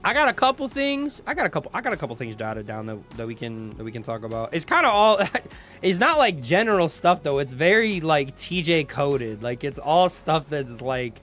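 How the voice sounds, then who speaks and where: A man's voice: a little high, big pitch swings, moderate pace, a bit bright, faint music behind. A young man hosting a casual livestream chat, laid-back and slangy, greeting viewers and laughing often. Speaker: streamer host.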